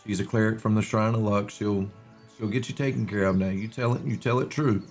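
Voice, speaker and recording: An actor playing a gruff, no-nonsense guard captain who speaks bluntly and commands. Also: male voice, on the low side, fairly even intonation, a little fast, faint music behind, close to an everyday voice. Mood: firm.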